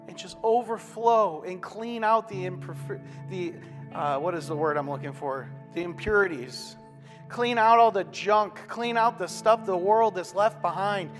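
A man's voice: sits high, a little slow, in a large hall, soft background music. A man preaching a sermon as a pastor, in a conversational way with folksy asides and self-deprecating humor.

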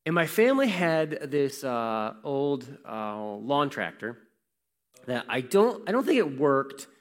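A male pastor preaches in a relaxed, storytelling way, asking the congregation questions as he goes. His pitch swings widely, rising and falling with animation. His voice carries through a big church hall with a long, lingering reverb. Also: slow. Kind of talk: sermon.

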